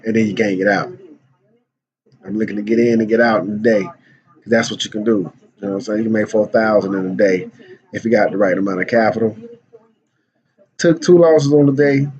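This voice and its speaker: A man's voice: fairly low pitch, a little mellow. A man casually talking through his day trades on a vlog. He uses slang, repeats and restarts words, and says he is losing his voice. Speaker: day trader and channel host. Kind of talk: casual trading commentary. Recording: dull lo-fi recording.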